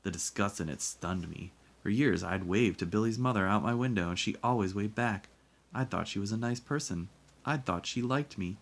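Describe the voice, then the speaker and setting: A man reading a children's novel aloud, narrating in first person with steady expression. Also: fairly low pitch, normal speed. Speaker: reader.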